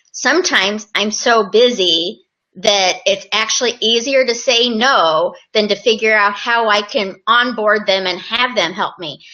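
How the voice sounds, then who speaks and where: A woman's voice: medium pitch, bright, forceful tone. A woman hosting a podcast who explains her point in an encouraging, conversational way, with fillers and restarts. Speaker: podcast host. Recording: dull lo-fi podcast audio.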